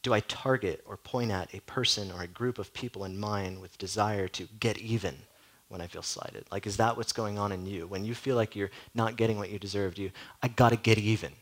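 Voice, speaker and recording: A man's voice: fairly low pitch, steady tone, a little fast, rough recording. A man preaching a sermon as a pastor, in a conversational way full of "like" and direct questions to the listeners.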